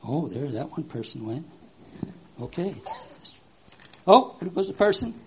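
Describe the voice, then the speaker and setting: An animated children's preacher who exclaims and keeps asking the kids questions. The voice sits at a middle pitch, and the recording is dull and lo-fi with faint hiss underneath. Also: a little slow. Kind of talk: children's sermon with object lesson.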